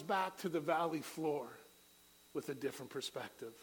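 A middle-aged man preaching a sermon to a church, building to loud, rising peaks and then dropping to quiet, low prayer. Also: moderate pace, slightly rough, low-quality recording.

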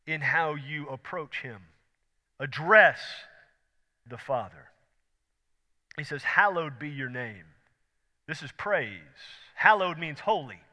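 A pastor preaching a sermon, emphatic, repeating key words and swinging between loud and soft. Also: male voice, a little high. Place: church sanctuary. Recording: long hall reverb.

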